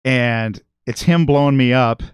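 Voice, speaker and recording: A middle-aged man tells a rambling, profanity-laden story into a close studio mic. His voice has a smooth, resonant tone at a mid pitch. The room sound is dry and tight. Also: a little slow, dry recording. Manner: profane, rambling, swears constantly. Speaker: guest musician and regular. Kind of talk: casual podcast storytelling.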